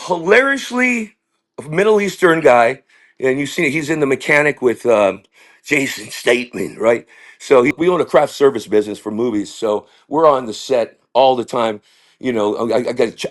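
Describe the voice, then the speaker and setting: A man, a comedian guest, telling rambling animated stories in casual talk over a video call. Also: mid-range voice. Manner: rambling, animated, slips into impressions. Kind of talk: casual interview storytelling.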